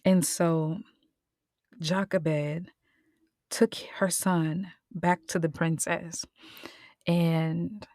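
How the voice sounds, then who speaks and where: A woman host retelling a Bible story in a casual, expressive way, often dropping into a whisper. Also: fairly low pitch, no echo, clean studio sound. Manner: expressive, drops into whispers and voices.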